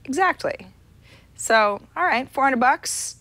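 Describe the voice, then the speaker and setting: A woman's voice: sits high, animated, slow, pushed and bright, dry recording. A woman co-hosting a tech talk show in casual chat, self-deprecating and chatty, often restarting her sentences. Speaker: podcast co-host.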